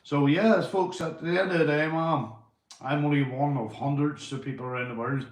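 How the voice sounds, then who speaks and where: A man's voice: fairly high pitch, steady tone, moderate pace. A Northern Irish man chatting casually on a livestream, rambling, repeating himself and swearing casually. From Northern Ireland. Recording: echoey room.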